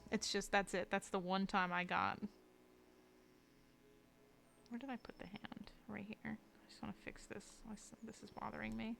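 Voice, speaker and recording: A woman streaming as she draws, talking in a loose, rambling way full of fillers and restarts. Her voice has a gravelly edge and sits at an average pitch. She slips into quiet mutters as she works. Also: level tone, brisk, background noise. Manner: rambling, self-deprecating, frequent fillers and restarts. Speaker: streamer and artist. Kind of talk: casual live-stream chat while drawing.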